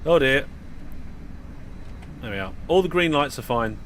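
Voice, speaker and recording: A man's voice: medium pitch, expressive, unhurried, a bit bright, a little hiss or hum. Chatty British man streaming a train game. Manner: chatty, talks to viewers while playing, frequent fillers and restarts. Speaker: streamer driving a train simulator. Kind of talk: casual live-stream commentary.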